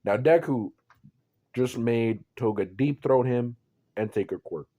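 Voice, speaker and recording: A man's voice: medium pitch, unhurried, dark tone. A man telling an improvised fan-fiction story in a rambling, profane, offhand way.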